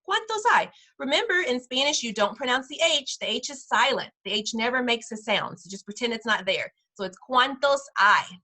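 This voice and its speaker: A woman teaching parents simple Spanish phrases in an online class, patient and slowing down over each phrase. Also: fairly high pitch, bright, forceful tone. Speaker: preschool director teaching parents.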